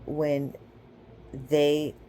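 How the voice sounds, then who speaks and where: A woman's voice: low-pitched, level tone, extremely slow, mellow, slight background noise. Chatty woman teaching scripture, casual. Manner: chatty, checks in with "okay?" and "right?"; retells scripture stories with acted-out quotes. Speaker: online spiritual teacher.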